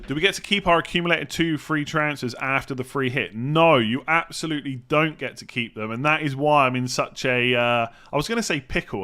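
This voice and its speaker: Bright-voiced English man thinking aloud. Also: medium pitch, clear, resonant tone. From England. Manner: rambling, thinks aloud, hums while reading. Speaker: fantasy football streamer. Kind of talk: live stream Q&A.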